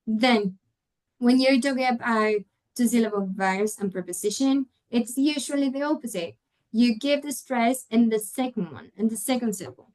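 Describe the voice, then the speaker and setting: A woman's voice: on the high side, moderate pace, darkish tone, rough recording. A woman whose first language is Spanish, giving a webinar lecture to teachers, patiently explaining and modelling example words aloud, often checking in with tag questions. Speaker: English teacher trainer.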